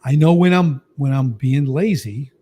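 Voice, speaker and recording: A man's voice: medium pitch, measured pace. Chatty middle-aged man telling stories. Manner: animated, lots of "you know" and "like". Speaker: guest, business coach. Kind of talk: storytelling interview talk.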